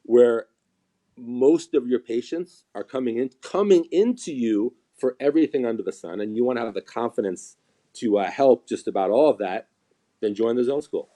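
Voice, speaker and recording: Mellow-voiced man telling patient stories. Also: mid-range voice, normal speed. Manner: animated storyteller, acts out quoted patients. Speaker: chiropractor and seminar teacher. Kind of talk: casual live-stream chat.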